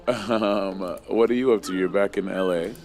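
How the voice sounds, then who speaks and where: A man's voice: deep voice, moderate pace, darkish tone, soft background music. A man in his thirties co-hosting a casual chat, telling stories and swearing freely. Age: 30s. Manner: chatty storyteller, swears freely. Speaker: co-host.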